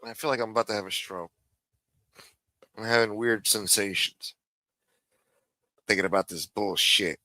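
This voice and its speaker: A man hosting a live stream, ranting in a profane, sarcastic and animated way. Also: fairly low pitch, moderate pace, pauses often, dry recording. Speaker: live show host.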